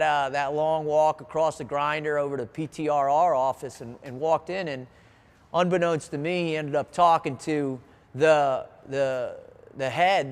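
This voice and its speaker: A man's voice: a little high, clear, resonant tone. A man telling a personal story as a motivational speaker, earnest and vivid, often restarting his phrases. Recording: long hall reverb.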